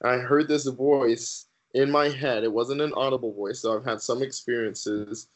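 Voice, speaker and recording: A man's voice: mid-range voice, fairly even intonation, rough recording. Earnest man telling his faith story. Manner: earnest, halting storytelling with many fillers. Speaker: podcast guest. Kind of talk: personal faith testimony.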